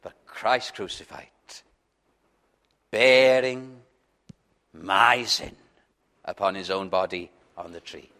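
A man with a low, bright, forceful voice preaches an evangelical sermon at a slow pace, pausing often. He pleads with his listeners through questions, stammering on his opening words before building to fervent peaks.

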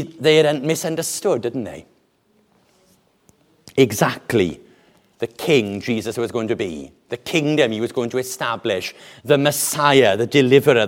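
A man preaching a sermon with an animated, deliberate delivery and dramatic pauses. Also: medium pitch.

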